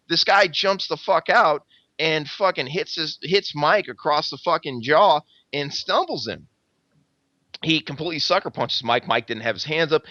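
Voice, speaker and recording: Dude ranting a fight story, cussing nonstop, bright forceful voice, kinda dull dry audio. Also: male voice, medium pitch, no room sound. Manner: rambling, heavy swearing, acts out quotes. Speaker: podcast host telling a fight story. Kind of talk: profane casual storytelling.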